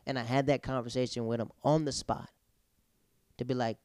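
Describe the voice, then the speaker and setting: Brief: lively male storyteller, smooth clear tone, close dry sound. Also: medium pitch, fairly quick, pauses often, no room sound. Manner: animated storyteller, acts out quotes. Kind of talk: casual chat.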